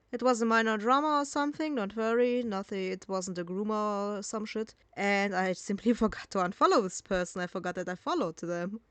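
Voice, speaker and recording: A woman's voice: mid-range voice, clean tone, no echo. Blunt, sarcastic woman reacting late at night. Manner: blunt, sarcastic, swears freely. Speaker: reaction commentator. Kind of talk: casual reaction commentary.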